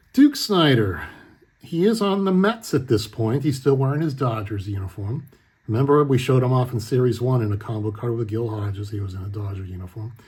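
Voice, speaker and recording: A man's voice: on the low side, darkish tone, breathy edge. A middle-aged man chatting casually as he shows off his collection, telling rambling stories and correcting himself as he goes. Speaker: card collector host. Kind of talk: casual show-and-tell chat.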